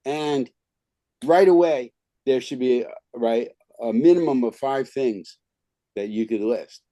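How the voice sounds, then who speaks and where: A man's voice: medium pitch, steady tone, a little slow, mellow, dry recording. A man teaching an online skills class over a video call, talking informally and filling his speech with "okay" and "right". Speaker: skills trainer.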